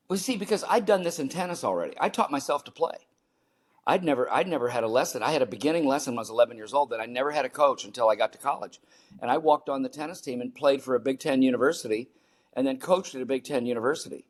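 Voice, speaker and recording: An older man from the United States, a performance coach, telling lively stories in an interview and acting out his own reactions. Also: medium pitch. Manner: animated storyteller, acts out his own panicked voice. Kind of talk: storytelling interview talk.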